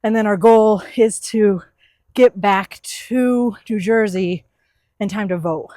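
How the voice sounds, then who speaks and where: A woman's voice: mid-range voice, slow pace, mellow, no echo, studio quality. A young woman from the US East Coast, talking candidly to camera in a casual vlog. She is reflective and uses many fillers like "like" and "you know.". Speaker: van life vlogger.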